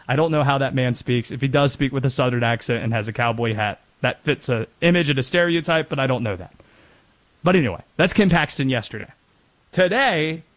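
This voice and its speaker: A man from North Carolina hosts a casual sports talk show in a slightly high-pitched voice. He rambles through stories with chatty, self-deprecating asides. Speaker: sports radio host.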